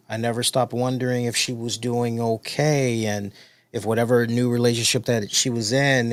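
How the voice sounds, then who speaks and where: A man's voice: mid-range voice, no room sound. A man hosting a wrestling review show, talking in a casual storytelling way and repeating points for emphasis.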